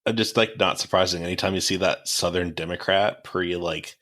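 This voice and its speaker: A man co-hosts a history podcast in easy, laid-back chat, reacting quickly to his partner. His voice sits very low in pitch. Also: fairly even intonation, fairly bright tone. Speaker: podcast co-host.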